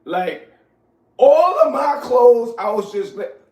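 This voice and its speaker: A man, telling stories from his youth in casual, animated talk, often asking "you know what I'm saying". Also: extremely high pitch, slow pace. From New York. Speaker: host. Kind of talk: casual storytelling. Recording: echoey room, far from mic.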